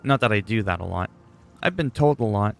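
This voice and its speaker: A man rambles casually on his game stream in a low voice with a gravelly, fry-laden texture. He is goofy and self-deprecating, drifting from one thought to the next. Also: lively intonation, brisk, faint music behind. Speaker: gaming livestreamer. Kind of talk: casual livestream chat.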